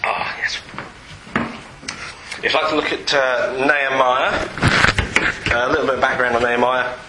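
A man's voice: mid-range voice, steady tone, moderate pace, very noisy. A man preaching a sermon in a church hall, conversational and self-deprecating, with frequent fillers and restarts.

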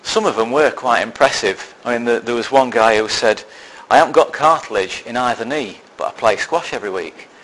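A man's voice: mid-range voice, fairly quick, hardly any pauses, fairly bright tone, poor audio. A man preaching a sermon, telling a personal story with self-deprecating, dry humour before turning to a serious point. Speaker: lay preacher.

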